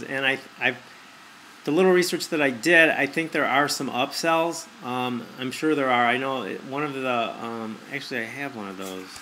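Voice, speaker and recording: A man's voice: mid-range voice, bright, forceful tone, slight background noise. A man giving a persuasive screen-recorded review, repeating his points and asking rhetorical questions. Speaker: online marketer.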